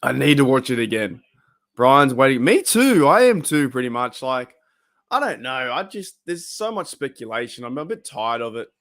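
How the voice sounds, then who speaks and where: An Australian man chatting away on a live stream while he watches football. His voice sits at an everyday middle pitch, and he rambles, reacts to plays out loud and laughs often. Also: very animated, moderate pace. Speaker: livestream host of a football watch party. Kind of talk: casual live-stream chat.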